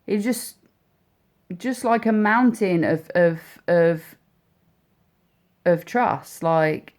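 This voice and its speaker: A woman speaking as a mother, telling a personal story in a heartfelt, halting way with many repeats and restarts. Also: fairly low pitch, a little mellow. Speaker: mother speaking about her son.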